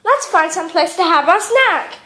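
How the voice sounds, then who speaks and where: A woman voicing an excitable young girl mouse in a cartoon, a dramatic and bossy big sister. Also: very high-pitched, moderate pace, roomy sound, heavily acted.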